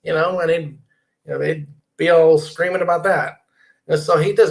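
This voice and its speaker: A man's voice: fairly high pitch, fairly even intonation, normal speed, creaky, long pauses. A middle-aged man hosting a casual live stream from his computer desk, rambling, reading viewer comments aloud and inviting people to join.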